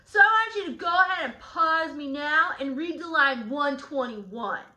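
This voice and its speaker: A woman's voice: high voice, expressive, moderate pace, pushed and bright, full character voice. A woman playing cocky young Tybalt, teaching. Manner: slangy, sarcastic paraphrasing. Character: brash young male swordsman Tybalt, cocky and touchy. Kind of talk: in-character guided study. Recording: echoey room.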